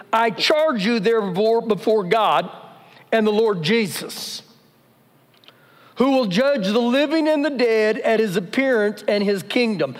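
A man preaching a live sermon as pastor, emphatic and repeating his key phrases. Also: high-pitched. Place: church sanctuary during a service. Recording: live church recording with long reverb.

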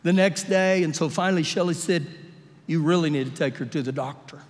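A male pastor preaching a sermon during a live church service, telling animated, humorous stories and acting out the voices in them. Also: a little high, fairly quick. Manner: animated storytelling, acts out quotes with humor. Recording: live church audio with long hall reverb.

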